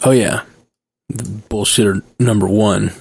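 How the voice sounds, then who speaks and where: A man's voice: fairly low pitch, fairly even intonation, measured pace, creaky, darkish tone, breathy edge. A man co-hosting a podcast in casual chat, rambling with many restarts and laughing often. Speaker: podcast co-host.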